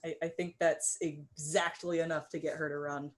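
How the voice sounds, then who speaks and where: A woman taking part as a player in a tabletop game, quick and animated when describing her character's actions. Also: sits low. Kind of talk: casual tabletop play.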